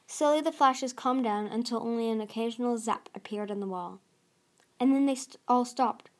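A woman's voice: fairly high pitch, moderate pace. A woman hosting a podcast, reading a novel aloud expressively with small stumbles. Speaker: audiobook podcast host.

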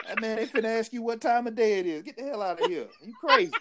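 A man's voice: sits high, lively intonation, fast talker, noisy background. A man co-hosting a podcast in casual chat, talking emphatically in street slang and laughing often, like he's preaching to a friend. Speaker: podcast co-host.

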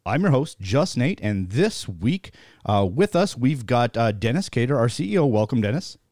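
A man's voice: medium pitch, very animated, moderate pace, darkish tone, no echo, studio quality. A man hosting a podcast in a loose, joking style, with frequent fillers as he introduces guests. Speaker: podcast host. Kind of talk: casual interview chat.

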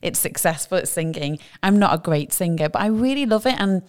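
A British woman chatting casually on a podcast, self-deprecating and quick to laugh. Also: lowish voice, lively intonation. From United Kingdom. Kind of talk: casual chat. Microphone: podcast microphone.

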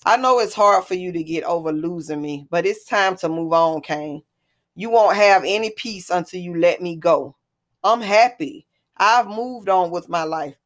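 A woman reading the part of a composed, defiant mother who stands her ground, in a low voice. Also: moderate pace, close to an everyday voice. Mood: firm. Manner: firm, composed.

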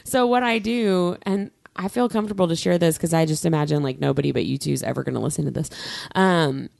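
A woman's voice: sits low, fast talker, creaky, darkish tone, dry recording, studio quality. A woman co-hosting a podcast in casual chat, rambling and self-deprecating, laughing often. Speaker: podcast co-host.

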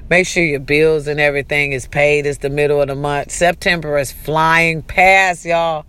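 A woman's voice: low voice, moderate pace, hardly any pauses, clear, resonant tone. A woman, talking casually and animatedly to her followers, cheering them on and calling out to them often. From California. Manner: chatty, animated, calls out to the audience. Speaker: vlogger. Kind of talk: casual motivational talk to camera.

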